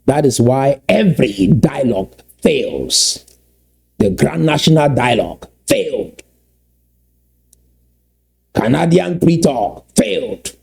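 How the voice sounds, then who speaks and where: A man giving impassioned political commentary, emphatic and repeating key points slowly for weight. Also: fairly high pitch, very animated, creaky, a little mellow, slightly rough.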